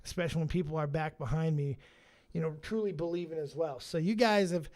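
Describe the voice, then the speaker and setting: A man hosting a live stream who reads out names from the chat, swears casually and now and then shouts with excitement. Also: on the high side, fast talker. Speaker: streamer and show host.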